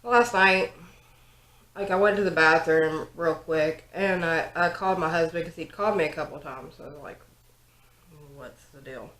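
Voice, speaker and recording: A young woman, a vlogger who works as a 911 operator, tells a story during a casual get-ready-with-me chat while doing her makeup, filling it with likes and ums. Her voice is deep and fairly bright, moving at a moderate pace. The home recording sounds roomy.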